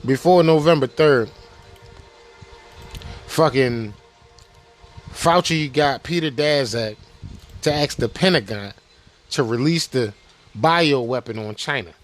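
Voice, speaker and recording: A male podcast host in a casual rant, animated and profane, using street slang and firing rhetorical questions. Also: medium pitch, slow pace, long pauses, soft background music.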